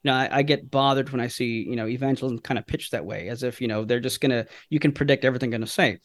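A man's voice: medium pitch, steady tone, quick pace, dry recording. Man explaining faith with stories. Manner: teaching through anecdotes, asks himself questions. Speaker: guest speaker. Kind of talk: podcast interview storytelling.

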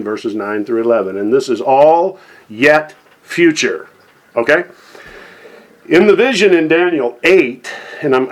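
A middle-aged man preaching on Bible prophecy in a folksy way, often checking in with "okay?" and "amen". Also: medium pitch.

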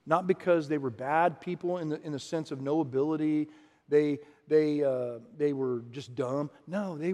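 Animated preaching man, high voice. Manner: animated, acts out quoted voices, restarts often. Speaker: pastor. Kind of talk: sermon. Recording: long hall reverb.

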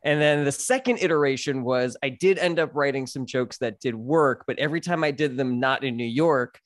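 A man on a podcast, chatting casually and telling stories in an animated way, jumping into quick voices. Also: medium pitch, no room sound, studio quality. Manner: animated storyteller, acts out quick voices in his anecdotes. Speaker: podcast guest, comedian. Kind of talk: casual chat.

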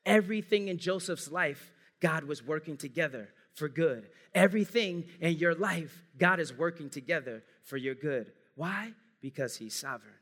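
A man's voice: on the high side, lively intonation, normal speed, few pauses, fairly bright tone. A man preaching an earnest sermon as pastor, speaking to his congregation as family. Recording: long hall reverb.

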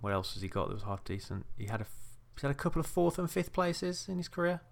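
A British man co-hosting a casual motorsport podcast, enthusiastic and quick to laugh. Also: medium pitch, big pitch swings, gravelly. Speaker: podcast co-host.

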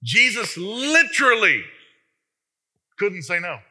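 A man preaching a sermon as pastor, animated and emphatic, often speaking straight to the congregation with rhetorical questions. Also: high voice, takes it slowly, slightly rough.

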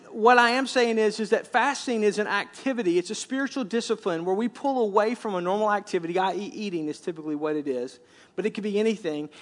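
A middle-aged man gives a sermon as a church's senior pastor. His voice sits high for a man. He talks in a loose, conversational way, often doubling his words as he quotes scripture. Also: fairly bright tone. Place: church sanctuary.

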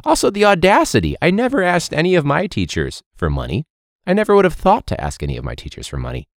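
A young man who is a teacher, hosting a podcast in a casual, animated monologue with quick impressions of students. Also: no echo, clean studio sound. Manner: animated, mimics students in high voices.

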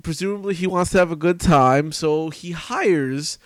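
A man's voice: on the high side, moderate pace, no room sound, clean studio sound. A man co-hosting a casual podcast, telling a rambling story with plenty of swearing. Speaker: podcast co-host.

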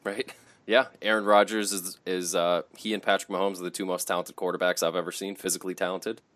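A low-voiced man trades opinions on a casual sports podcast, animated and salty, breaking into laughs. His voice sits close and dry, with no room around it. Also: fast, no echo. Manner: animated, profane, laughs often. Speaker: podcast co-host.

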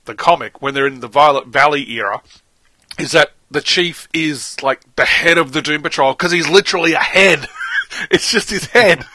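Casting note: Australian man, podcast co-host, bright voice, dry close sound, excitable chat. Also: on the high side, normal speed, no room sound. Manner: animated, enthusiastic, laughs often. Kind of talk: casual chat.

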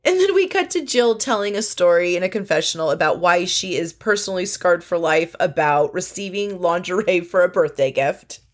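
A woman's voice: lowish voice, normal speed, few pauses. A woman casually recapping a show, chatty and sarcastic, mimicking the people she quotes. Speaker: podcast host recapping a reality show.

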